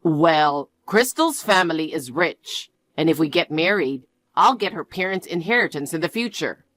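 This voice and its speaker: A smug, self-serving young man in a storybook tale, voiced by a woman. He talks in a low, dismissive way with a lively lilt now and then. The recording is dry and close. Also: moderate pace, dry recording.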